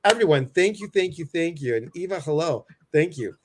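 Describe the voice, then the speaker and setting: A man's voice: fairly high pitch, expressive, a little fast, background noise. This is a chatty man with a Midwestern American accent hosting a live online show. He talks in an effusive, joking way and calls out viewers by name. His voice comes through a video-call mic. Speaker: host. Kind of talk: casual livestream chat.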